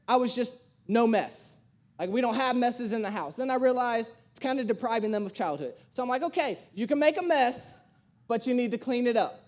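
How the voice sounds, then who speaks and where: A young man pastor preaching a sermon, telling a family story in an animated way and repeating key phrases for emphasis. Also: very high voice. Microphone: streamed sermon.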